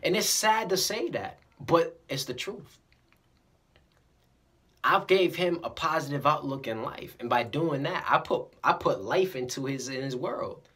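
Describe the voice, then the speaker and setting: In a casual pep talk to camera, this motivational vlogger addresses viewers directly with a mid-range voice. The style is lively and sermonizing, with tripping repetitions and brief role-played exchanges.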